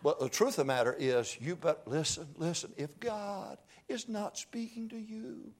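A man preaching a revival sermon in a church, folksy and joking, pleading softly one moment and shouting from afar the next. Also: sits high, normal speed. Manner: swings from hushed pleading to far-off shouting. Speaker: guest preacher. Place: church sanctuary.

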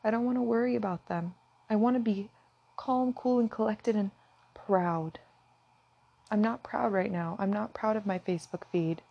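A woman's voice: mid-range voice, moderate pace, gravelly, husky, no echo, highs cut off. Woman vlogger, earnest and impassioned, dry close-miked sound. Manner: earnest, impassioned, sometimes near tears. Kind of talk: emotional direct-to-camera talk.

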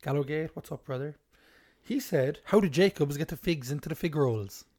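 A man's voice: on the high side, normal speed, darkish tone, no echo, studio quality. An Irish man co-hosting a podcast in casual chat, easygoing and jokey, steering from one segment to the next. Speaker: podcast co-host.

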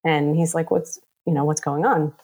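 A woman in her thirties from the New York area tells her own story in a relaxed, chatty way, as a guest. She uses plenty of fillers like "um" and "like," briefly acting out other people's voices along the way. Her slightly low voice has a breathy edge, and she speaks at a normal speed.

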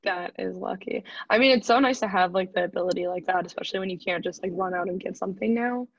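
A woman's voice: lowish voice, fast talker, no echo. A woman appearing as a podcast guest, chatting in an easygoing way and laughing often. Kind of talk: casual chat. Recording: dry, dull lo-fi sound.

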